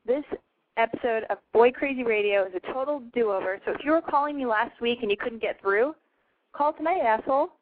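A woman's voice: on the high side, a little fast, slight background noise. A young woman hosting a casual call-in radio show from home, talking in a brash, profane, self-mocking way. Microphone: home mic over a call-in line. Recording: dry, tinny phone-line sound.

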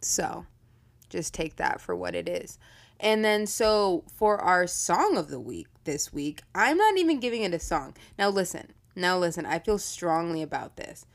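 A woman's voice: on the low side, big pitch swings, unhurried. Chatty, profane young woman podcaster. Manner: chatty, profane, laughs often. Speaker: podcast host. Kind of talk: casual storytelling podcast.

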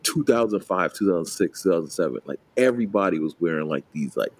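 A man's voice: low-pitched, animated, fast, low-quality recording. A man in his late twenties from New Jersey chatting casually on a podcast, rambling with lots of fillers and restarts. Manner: rambling, many fillers and restarts, laughs a lot. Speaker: podcast co-host. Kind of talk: casual chat.

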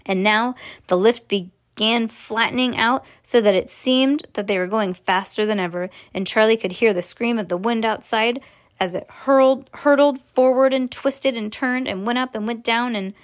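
A woman reading a children's book aloud to a child, relaxed, with slips and self-corrections along the way. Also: a little high, moderate pace.

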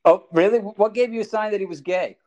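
Casting: male podcast host, high voice, dry probing questions. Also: brisk, darkish tone, lo-fi sound. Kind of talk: casual interview.

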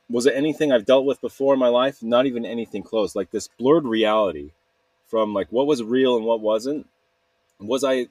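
A man's voice: mid-range voice, darkish tone, no echo. A man talking to camera in a rambling, candid way, often laughing at himself. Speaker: video blogger. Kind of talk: casual confessional monologue.

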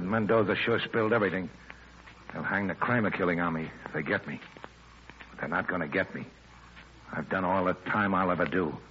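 An actor playing a tough, wanted gangster on the run, in clipped hardboiled 1940s radio acting. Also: male voice, on the low side, natural voice. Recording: dull old radio recording with faint hiss.

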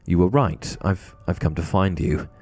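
A man's voice: low-pitched, moderate pace, darkish tone. A man voicing an angry, grieving teenage boy wizard who talks urgently and raises his voice.

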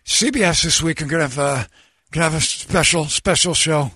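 A man doing an impression of a middle-aged football TV analyst who talks haltingly with many filler sounds. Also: on the high side, sharp tone, husky, dry recording, studio quality. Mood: earnest. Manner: halting, full of uhs, earnest self-praise.

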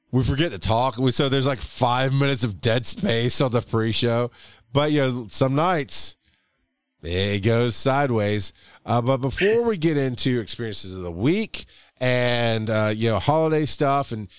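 A man hosts a podcast, chatting casually and jokingly and often restarting his sentences. His mid-range voice is smooth, with no echo.

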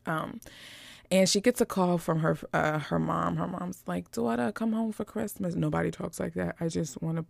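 A woman with a lowish, gravelly voice hosts a casual, joking commentary on holiday films. Her delivery is animated and full of slang. The sound is dry and close. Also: moderate pace, no echo. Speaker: podcast host reviewing holiday movies.

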